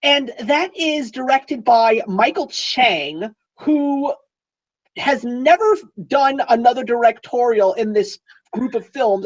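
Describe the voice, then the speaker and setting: A man joining as a guest co-reviewer in a casual film chat, playful and teasing. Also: very high voice. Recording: dull lo-fi recording.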